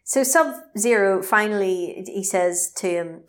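An animated woman is co-hosting a casual film chat. She retells the plot with gusto and drops the odd swear. Her voice sits at an everyday middle pitch for a woman. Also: normal speed. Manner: animated storyteller, swears, acts out quotes. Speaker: podcast co-host.

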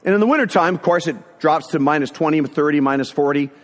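A middle-aged man telling a personal story in a sermon, animated, acting out the voices of people in it. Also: fairly high pitch, quick pace. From northern Ontario, Canada. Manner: animated storyteller who acts out quotes. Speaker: speaker sharing a testimony. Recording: echoey hall.

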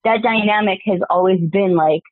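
A woman's voice: medium pitch, normal speed, no room sound. A woman guest talking bluntly and with plenty of swearing in a casual interview, telling stories from her time in wrestling. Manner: blunt, profane, fired-up storytelling. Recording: dry phone-like remote call audio.

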